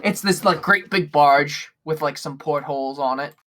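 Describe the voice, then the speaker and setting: A man's voice: a little high, moderate pace, a bit bright. A man narrating a tabletop game as game master, describing the scene in a rambling way with many fillers.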